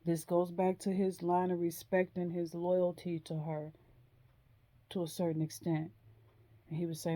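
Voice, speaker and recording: A woman telling a personal story in a slow, hesitant way, with frequent pauses and ums. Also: fairly low pitch, flat delivery, warm tone. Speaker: vlogger.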